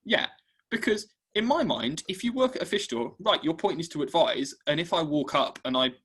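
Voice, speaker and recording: A young man co-hosting a casual podcast, telling an animated story and acting out both sides of a conversation. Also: fairly high pitch, moderate pace, breathy edge. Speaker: podcast co-host. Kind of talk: casual chat.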